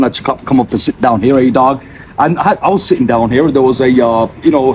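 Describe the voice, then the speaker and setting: A man's voice: on the high side, a little mellow, a little hiss or hum. A man rambling to camera from a street bench, full of fillers and repeated slang tags. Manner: meandering, filler-heavy, keeps tagging sentences with a slangy address. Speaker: vlogger.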